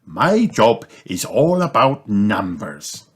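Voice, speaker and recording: A man's voice: on the low side, big pitch swings, takes it slowly, breathy edge, exaggerated voice. A man doing a matter-of-fact office rabbit. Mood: proud. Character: earnest office-worker rabbit. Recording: noisy home recording with clicks.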